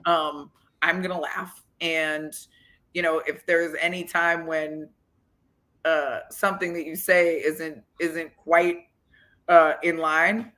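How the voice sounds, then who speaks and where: A woman guest on a podcast interview, telling animated stories and acting out the quotes with big jumps in pitch. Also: slow. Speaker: guest, former football coach. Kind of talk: lively storytelling in a podcast interview.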